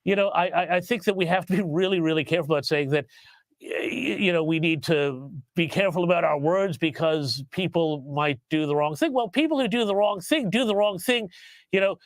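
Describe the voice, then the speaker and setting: Halting man with a dry close sound. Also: high-pitched, dry recording. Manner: halting, many restarts and fillers. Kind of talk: casual debate.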